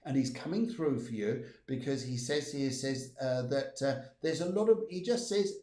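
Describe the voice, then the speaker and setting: A man's voice: on the high side, animated, normal speed, hardly any pauses, dark tone, roomy sound. A man hosting a live stream as a medium, relaying messages from spirits with many fillers and repeated phrases. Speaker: medium giving readings.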